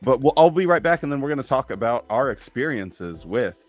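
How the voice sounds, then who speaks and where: A man's voice: mid-range voice, sing-song, fairly quick, faint music behind. A man hosting a livestream in a casual, jokey manner, laughing easily and rambling. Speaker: livestream host.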